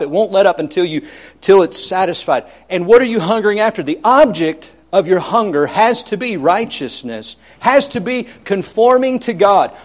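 Emphatic preacher, higher-pitched man. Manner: emphatic, repetitive, with homely humor. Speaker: pastor. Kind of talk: sermon.

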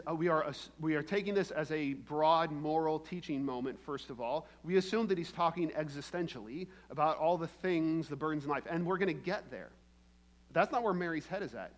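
A man preaching a sermon in a conversational way, often checking in with the congregation and acting out the quoted lines. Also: a little high. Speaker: pastor.

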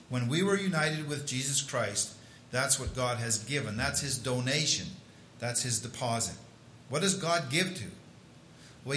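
A man's voice: fairly high pitch, a bit bright, roomy sound, slight background noise. A man preaching a sermon in a conversational way, with restarts and asides. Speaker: pastor.

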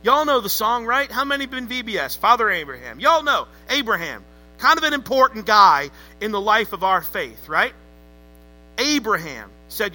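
A man's voice: high voice, sing-song, moderate pace, pushed and bright, faint music behind, poor audio. A man preaching a sermon to a congregation, emphatic and calling on them to answer back. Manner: emphatic, calls for congregation responses. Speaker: pastor.

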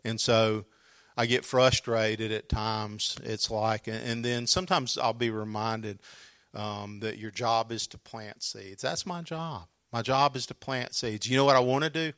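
Man, pastor, sermon, bright forceful voice, earnest and emphatic, frequent restarts. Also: medium pitch, fairly even intonation, unhurried.

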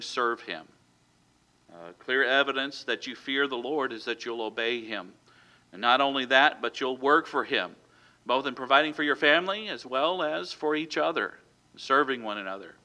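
A man delivers a sermon with a very bright, ringing tone. He speaks in a loose, conversational way, breaking off with fillers and restarting his sentences. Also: medium pitch. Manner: conversational, many fillers and self-corrections. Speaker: pastor.

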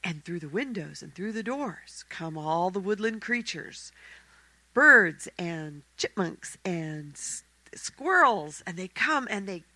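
A woman telling a fairy tale aloud in a church service, expressive and acting out the characters. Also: lowish voice, slow, dry recording, poor audio. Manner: expressive, acts out the characters' voices. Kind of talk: animated fairy-tale storytelling.

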